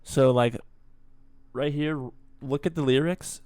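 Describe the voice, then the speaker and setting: A young man in his twenties talks through a reaction video in a smooth, clear voice. He chats casually, pausing to explain lines and crack jokes, close to the mic with a dry sound. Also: medium pitch, darkish tone, dry recording. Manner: chatty, stops to explain and joke.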